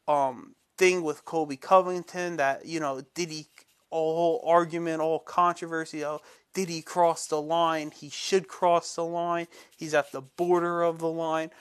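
A man with a somewhat high-pitched voice talks loosely as the host of a casual commentary show. He rambles, backs up and restarts his sentences, and lays out firm opinions. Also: fairly bright tone, smooth.

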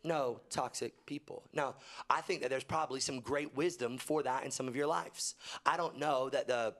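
A young man preaching a sermon to his church, animated, often jumping high and loud for emphasis and dropping low and quiet when he quotes. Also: normal speed. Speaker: pastor. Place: church auditorium.

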